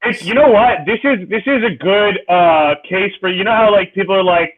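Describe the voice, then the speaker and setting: Chill co-host guy, high-ish voice, sounds like he's on a phone line. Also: normal speed, hardly any pauses. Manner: laid-back, hesitant, many fillers. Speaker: podcast co-host. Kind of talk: casual podcast banter. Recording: tinny phone-like call audio.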